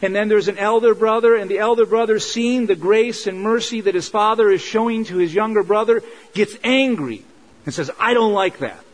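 A man's voice: sits high, normal speed, poor audio. A man preaching a sermon in an earnest, conversational way, driving points home with repetition. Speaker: pastor.

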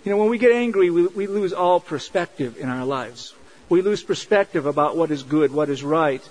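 A man's voice: fairly high pitch, expressive, normal speed, darkish tone, poor audio. A man preaching a sermon in an earnest, conversational way, driving points home with repetition. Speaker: pastor.

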